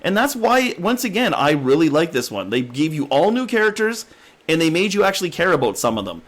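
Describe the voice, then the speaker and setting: A man co-hosting a casual movie review podcast, excitable and laughing often as he acts out his reactions. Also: on the high side, brisk. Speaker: podcast co-host.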